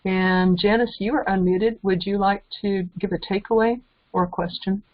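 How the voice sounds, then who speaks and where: A woman's voice: medium pitch, steady tone, moderate pace. Effusive woman hosting a video call. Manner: warm-hearted, effusive, calling on participants. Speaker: host of a group call. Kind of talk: hosting an online group session. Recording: slightly muffled call audio.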